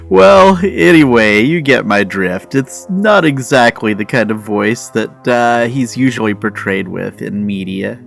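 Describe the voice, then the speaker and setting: A male host giving a scripted narration with an animated, expressive delivery. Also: medium pitch, a little slow, creaky, hardly any pauses, soft background music.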